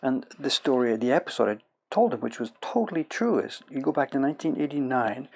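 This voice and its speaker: A man's voice: mid-range voice, lively intonation, fairly quick, gravelly, darkish tone. A middle-aged man from Canada chatting casually on a livestream as a woodblock printmaker, rambling and self-correcting as he tells stories. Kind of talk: casual chat while working.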